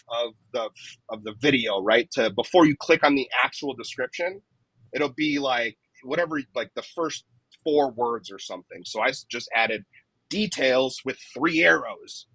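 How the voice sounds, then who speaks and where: Guy on a podcast explaining his tips, kinda raspy, dry booth sound, lots of right?. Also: medium pitch, fairly bright tone, dry recording, rough recording. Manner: explanatory, tags many points with "right?". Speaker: guest, dent repair technician. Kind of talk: casual podcast interview.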